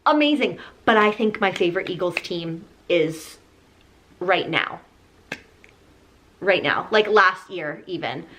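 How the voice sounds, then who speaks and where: A woman's voice: lowish voice, lively intonation, fairly bright tone, slight background noise, low-quality recording. Enthusiastic American woman co-host. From United States. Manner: enthusiastic, agreeable, quick interjections. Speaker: podcast co-host. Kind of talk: casual chat.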